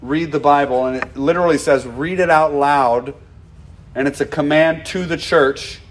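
Man, pastor, sermon, lively delivery, acts out quotes, fairly high voice. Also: moderate pace.

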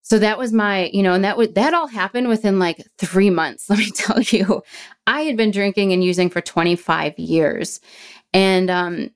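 A woman's voice: medium pitch, moderate pace, clear, resonant tone. A woman in her forties telling her own story in a frank, blunt way, swearing freely and laughing at herself. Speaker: guest sharing a recovery story. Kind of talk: candid personal storytelling.

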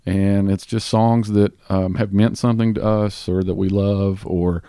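A man with a Southern US accent hosting a podcast in casual chat, rambling with fillers and restarts and talking a bit fast. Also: lowish voice, flat delivery, dark tone, clear, resonant tone, no room sound, clean studio sound. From Southern US (Tennessee). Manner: talks a bit fast on mic. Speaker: podcast host.

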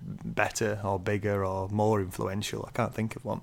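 A man's voice: on the low side, level tone, normal speed, creaky. A man co-hosting a casual book podcast, reading out listener reviews and laughing often. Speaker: podcast co-host.

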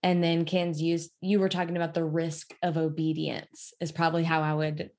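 A woman hosting a podcast who asks her guests questions in a relaxed, chatty way, with giggly asides. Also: deep voice, moderate pace. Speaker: podcast host. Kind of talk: interview questions.

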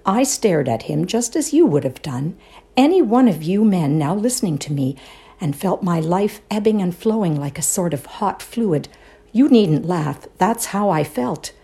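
A woman performing a dramatic reading of a ghost story, hushed and suspenseful, often dropping to a whisper. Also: fairly low pitch, lively intonation, unhurried, gravelly. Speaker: reader in a readers' theatre show.

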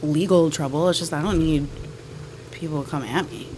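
A woman co-hosting a casual podcast, talking softly and giggling, poking fun at herself. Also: sits low, normal speed, noisy background. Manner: soft-spoken, giggly, self-deprecating. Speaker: podcast co-host. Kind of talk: casual chat.

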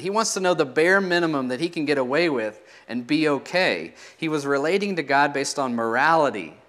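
A man's voice: fairly high pitch, a bit bright. A man preaching a sermon in a teaching manner, asking rhetorical questions and letting his voice drop at the ends of phrases.

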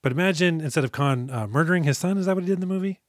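A man's voice: on the high side, rapid-fire, no echo, clean studio sound. A man co-hosting a podcast, chatting casually and joking about a movie, often laughing mid-sentence. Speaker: podcast co-host. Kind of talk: casual comedic movie chat.

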